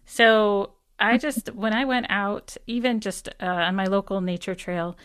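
A woman's voice: mid-range voice, steady tone, unhurried, a bit bright, clean tone. A woman hosting a casual chat, curious, asking questions and laughing easily.

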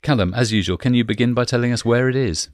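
Leading a casual podcast chat with questions, a male host talks chattily and fast in a mid-range voice. The recording is dry with clean studio sound.

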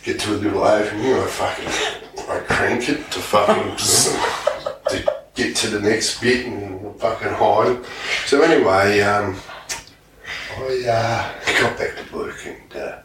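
A man's voice: on the low side, fairly even intonation, slow pace. A man telling crude stories as a podcast host, swearing constantly and laughing mid-sentence. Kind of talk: casual storytelling. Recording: echoey room, distant mic, background noise.

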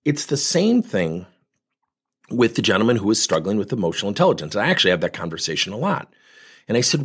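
Male coach, storytelling, lively pitch, husky tone, acts out dialogue. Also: quick pace. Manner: animated, acts out dialogue in his stories. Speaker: coach and workplace communication trainer.

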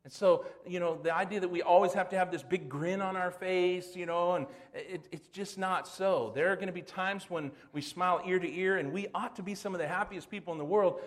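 Folksy preacher man with a higher voice. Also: fairly bright tone. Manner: folksy, conversational preaching with asides and rhetorical questions. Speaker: pastor. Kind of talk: sermon.

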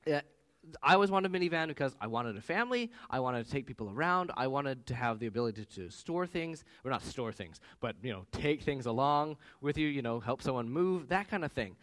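Pastor, 30s, man; lively, swooping delivery, chatty sermon full of family anecdotes. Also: mid-range voice, brisk. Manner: animated, conversational with personal anecdotes.

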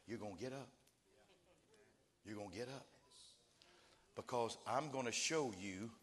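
A man preaching a sermon, emphatic and building to shouted cries. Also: mid-range voice, long reverb tail. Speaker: pastor.

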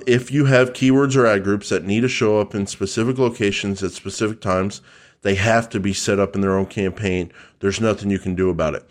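A man co-hosting a podcast, answering a listener's question in a dry, matter-of-fact way. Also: fairly low pitch. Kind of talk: casual explanatory talk.

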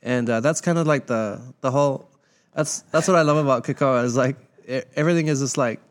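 A man's voice: medium pitch, a little fast. A man with a South African accent co-hosting a podcast in casual chat, rambling along with lots of fillers. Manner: relaxed, rambling, heavy on fillers like "like". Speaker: podcast co-host.

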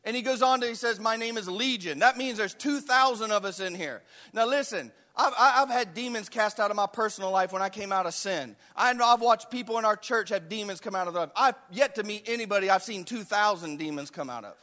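A man's voice: sits high, fast, few pauses, pushed and bright, long reverb tail. A male pastor preaching a sermon with passion, acting out the voices of the people in the story.

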